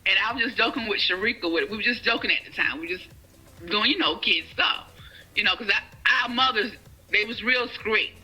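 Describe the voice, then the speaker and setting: A woman's voice: medium pitch, animated, a little fast, pushed and bright, slightly rough, soft background music, low-quality recording. A woman telling her personal story in conversation, often checking "you get what I'm saying". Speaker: guest sharing her life story.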